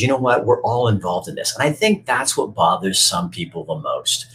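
A man's voice: fairly low pitch, fairly bright tone. A man telling a story and then speaking out in an emphatic, emotional and profane way. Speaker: speaker who reads stories to schoolkids. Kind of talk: storytelling and personal rant.

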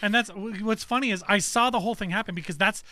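A man co-hosting a podcast, telling a story in casual chat, animated and swearing freely. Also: high-pitched, fast talker. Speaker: podcast co-host.

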